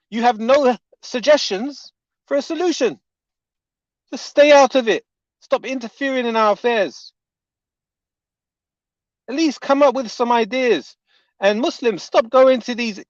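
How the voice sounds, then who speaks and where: A man's voice: very high-pitched, dry recording. Heated man ranting, dull dry audio. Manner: heated, indignant, repeating himself. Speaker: online commentator. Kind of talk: heated reaction rant to camera.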